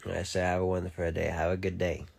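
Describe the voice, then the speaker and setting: Young guy on a phone livestream, deep gravelly voice, slow easy joking chat, can't roll his r's. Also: little pitch movement, darkish tone. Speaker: musician on a live stream. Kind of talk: casual live-stream chat, reading comments.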